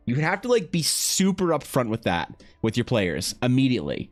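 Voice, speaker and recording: A man streaming live, telling a story in casual talk. He swears freely, laughs often, and swings between loud bursts and low, muttered asides. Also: huge pitch swings, normal speed, hardly any pauses, faint music behind. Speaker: livestreaming artist.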